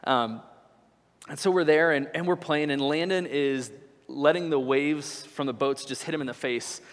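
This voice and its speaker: A man in his thirties preaching, telling a story animatedly and then dropping low to reflect. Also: moderate pace. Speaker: pastor. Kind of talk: sermon with storytelling. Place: church hall. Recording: church hall with long reverb.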